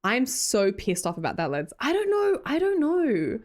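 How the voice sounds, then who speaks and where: A young woman with an Australian accent chats on her live stream, answering chat and thanking viewers with a teasing, laugh-filled and casually sweary manner. Her voice sits fairly high and swoops up and down animatedly. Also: wildly swooping pitch, normal speed. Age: young adult.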